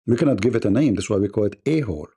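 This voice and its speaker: A man's voice: fairly low pitch, expressive, rapid-fire, mellow, slightly rough. A man hosting a livestream debate, delivering a mocking, combative monologue.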